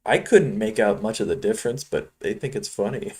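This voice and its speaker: Chicago guy trading live, kinda low voice, chatty and rambly. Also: brisk, a little mellow, husky. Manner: rambling, chatty, talks to viewers between trades. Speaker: futures trading streamer. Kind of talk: casual live-trading commentary.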